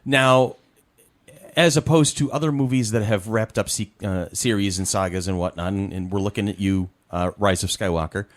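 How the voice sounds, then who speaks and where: A man in casual film chat, talking in a lively, rambling way with lots of "you know". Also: lowish voice, moderate pace. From Rochester, New York area. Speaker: podcast co-host. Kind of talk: casual chat about films.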